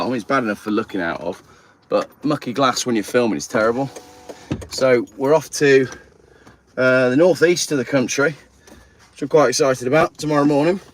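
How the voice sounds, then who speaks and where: A man chats on a phone livestream while he cleans his car outside. He rambles in a relaxed, friendly way, greets viewers as he works, and sits at a middling pitch. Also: a little hiss or hum. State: a little out of breath. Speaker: channel host. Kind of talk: casual livestream chat.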